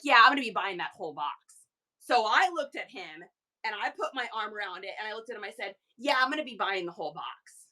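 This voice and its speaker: A bright, forceful woman's voice sitting a little above the usual range, hosting a reseller livestream from home. She tells her story in a loose, chatty way and keeps breaking off to greet viewers and thank people in the chat. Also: a little high, low-quality recording. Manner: chatty and animated, quick asides to viewers. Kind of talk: casual storytelling to a live chat.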